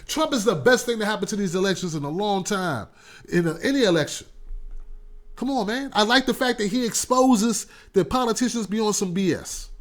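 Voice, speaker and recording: Male talk host, higher voice, casual animated rant, repeats himself, laughs a lot. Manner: animated, repetitive, laughs often. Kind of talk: casual political commentary.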